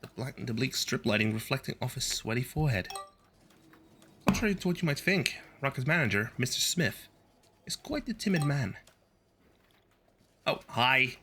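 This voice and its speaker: A man's voice: medium pitch, big pitch swings, a little fast, a bit bright, slight background noise. Wry man reading game text aloud. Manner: wry, sardonic. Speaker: streamer.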